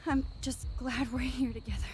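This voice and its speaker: A woman voicing an earnest, anxious teenage girl with time powers in a video game, talking in a pleading, quietly worried way. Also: high voice, little pitch movement, normal speed, a little hiss or hum.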